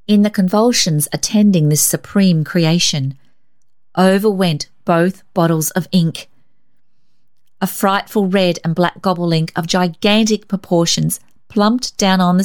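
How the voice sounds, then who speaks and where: Brief: woman reader, lowish voice, gentle and expressive storybook narration. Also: a little slow.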